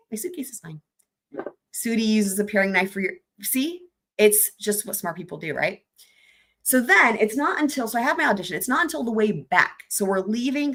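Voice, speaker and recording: A young woman talking casually on a livestream, mid-pitched for a woman. She tells a story with lively energy, laughs often and swears freely. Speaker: livestream host.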